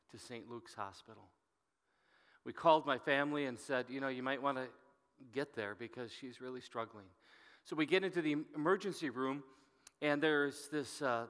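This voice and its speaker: A middle-aged man preaching as a pastor, telling a story in an earnest, halting way and often dropping to a hushed voice. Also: mid-range voice. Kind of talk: sermon storytelling. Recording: long reverb from a hall.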